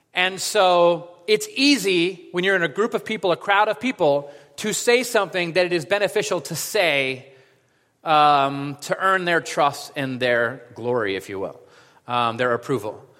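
A man's voice: a little high, fairly bright tone, big-room sound. A man giving a casual, conversational sermon as a pastor, with lots of fillers. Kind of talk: casual sermon with opening prayer.

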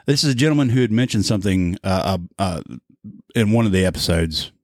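A man's voice: on the low side, animated, quick pace, no room sound, clean studio sound. A man hosting a podcast, joking and swearing in casual banter. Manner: profane, laughing, joking. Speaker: podcast host.

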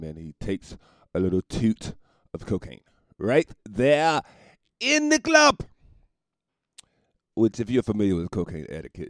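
A man's voice: sits low, no room sound, studio quality. A man who is a comedian telling a profane story in a loose, laid-back way, laughing through it. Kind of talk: casual storytelling monologue.

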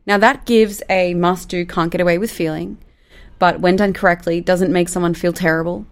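Woman coach, lowish voice, chatty teaching with acted example lines. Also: steady tone, normal speed. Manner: chatty, demonstrates lines in different tones. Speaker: management coach.

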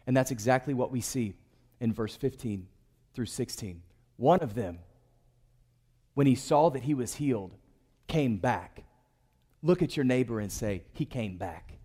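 A man's voice: medium pitch, expressive, a little slow, pauses often, dark tone, husky, in a large hall. A man preaching a sermon in church, calling on the congregation to respond. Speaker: pastor.

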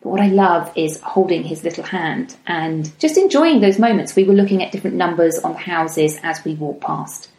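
A woman in her thirties, hosting a reflective solo podcast talk in a gentle, chatty manner, slowing down to stress her points. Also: lowish voice, expressive. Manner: gentle, chatty, slows down for emphasis. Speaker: podcast host. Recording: echoey room.

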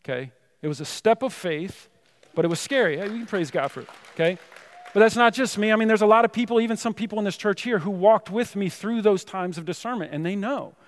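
Male pastor with a high voice in a church hall with long reverb, preaching with loose, chatty asides. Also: fast talker, some chatter behind. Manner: conversational preaching, many "you know" and "right?" asides. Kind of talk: sermon. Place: church sanctuary.

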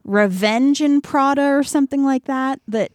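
Speaking at a normal pace in a high voice, a young adult woman co-hosts a podcast in a dry, studio-quality recording. Her casual book chat features a chatty plot retelling heavy with "like."

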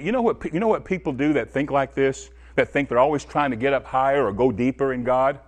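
A man preaching a sermon, animated, swinging from loud high bursts to low quiet asides, talking straight to his congregation. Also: fast talker, hardly any pauses.

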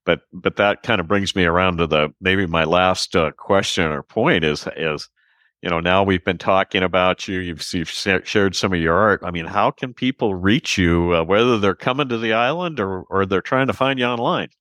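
A very deep-voiced man hosts an interview with eager, rambling enthusiasm, often restarting his sentences. The sound is dry and close, as on a video call. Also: moderate pace, a bit bright, dry recording. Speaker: podcast host. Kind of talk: casual interview chat.

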